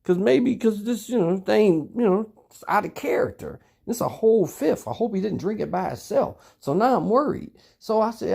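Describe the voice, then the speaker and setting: A man's voice: sits high, lively intonation, moderate pace, creaky, darkish tone, breathy edge. A middle-aged father at home, telling a long, rambling story to his son and swearing as he goes. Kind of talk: recorded monologue addressed to someone. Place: at home indoors.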